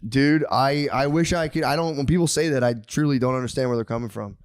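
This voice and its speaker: Man, comedy podcast co-host, casual banter, frequent laughter, mid-pitched voice. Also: fast, clear, resonant tone. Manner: laughs often, drops to a mumble telling stories.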